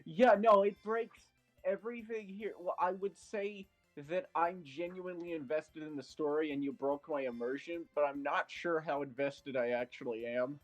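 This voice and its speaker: A man reacts to a story in casual chat, blunt and prone to swearing. His voice sits fairly high, and he rambles through restarts while faint music plays behind. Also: normal speed.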